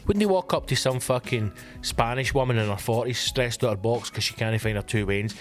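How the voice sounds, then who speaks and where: A Scottish man of middle pitch rants through a comic monologue, swearing freely and spinning his stories with lively energy. It has the loose feel of a casual podcast chat, with faint music sitting behind him. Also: a little fast. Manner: sweary, ranting, animated storytelling. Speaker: comedian podcast host.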